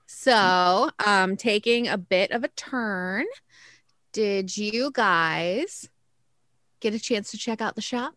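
A woman's voice: mid-range voice, takes it slowly, a bit bright, no echo, clean studio sound. A woman co-hosting a podcast over a video call, chatting casually and teasing with frequent giggles. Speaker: podcast co-host. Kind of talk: casual chat.

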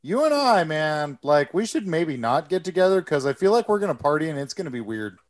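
A man's voice: fairly high pitch, sing-song, fairly quick. A man joking crudely in casual podcast chat. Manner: crude jokey banter.

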